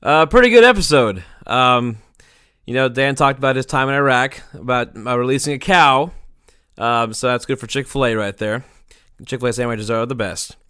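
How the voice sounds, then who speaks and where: Rambling, crude-talking man, smooth voice. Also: medium pitch, normal speed, bright, forceful tone, dry recording, studio quality. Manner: rambling, crude, profane, laughing. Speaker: podcast producer. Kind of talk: casual podcast chat.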